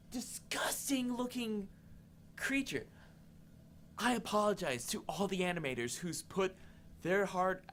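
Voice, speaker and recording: A man's voice: sits high, a bit bright, slight background noise. Exasperated young man ranting. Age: young adult. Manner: exasperated, indignant ranting with many restarts. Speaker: co-host of a campus TV show. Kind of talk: ranting film review.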